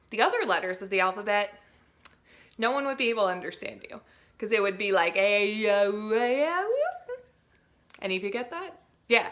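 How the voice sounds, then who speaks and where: Her mid-range voice guides young students through a fun warmup of movement and vocal sounds. The young teaching artist shows the sounds herself as she goes.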